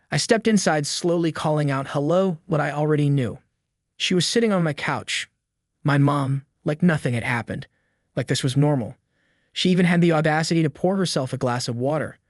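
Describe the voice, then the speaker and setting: A man's voice: on the high side, moderate pace, dry recording, clean studio sound. A man reading a scripted first-person drama story in a somber, earnest way. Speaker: narrator.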